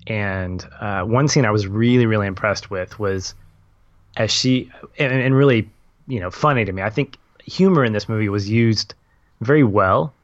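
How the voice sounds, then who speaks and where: A man's voice: lowish voice, moderate pace, no echo. A young adult man in a casual film discussion, thoughtful and rambling, laughing easily. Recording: dull lo-fi audio.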